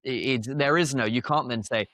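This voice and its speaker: A man's voice: medium pitch, normal speed, a bit bright, no echo. Blunt British man, chatty guest. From Britain. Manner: blunt, chatty, frequent filler words and laughs. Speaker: podcast guest. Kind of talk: casual conversational interview.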